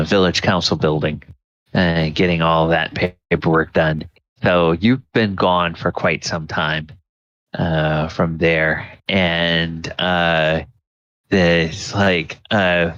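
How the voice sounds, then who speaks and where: Deep low guy dm-ing a tabletop game, slow, lots of ums, kinda muffled dull audio. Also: a bit bright, clear, resonant tone, no room sound. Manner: halting, many fillers. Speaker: game master.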